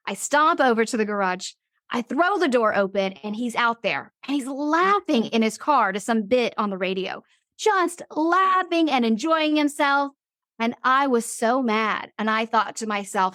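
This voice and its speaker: A woman in her forties, a business owner and interview guest, telling stories in a vivid, animated way. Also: a little high, normal speed, dry recording, studio quality. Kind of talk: casual interview storytelling.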